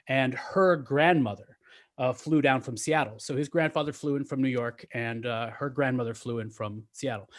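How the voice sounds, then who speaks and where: A man telling a long story to a gathering, halting with ums and restarts, slowing and softening at touching parts. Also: mid-range voice. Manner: halting, with many ums and restarts, slowing and quieting at emotional moments.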